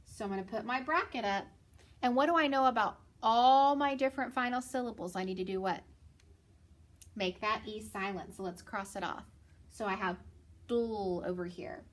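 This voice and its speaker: A woman's voice: medium pitch, moderate pace. A woman teaching a phonics lesson to children, patient and encouraging, asking questions and answering them herself.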